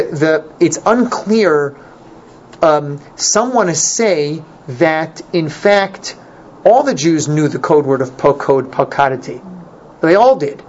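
A man teaching an informal Torah class, animated and repeating his points for emphasis. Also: a little high. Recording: dull lo-fi recording, faint noise.

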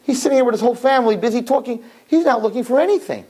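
A man's voice: very high-pitched, expressive, very fast, a little mellow, husky, pitched above the performer's own voice, exaggerated voice. A man voicing a jealous, scheming male courtier who accuses and sneers. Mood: scornful.

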